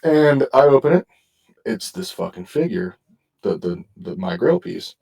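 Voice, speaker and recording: A man's voice: lowish voice, expressive, moderate pace, creaky, dark tone, husky, distant mic, low-quality recording. A man hosting a podcast, telling a story in casual chat and swearing constantly. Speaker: podcast host.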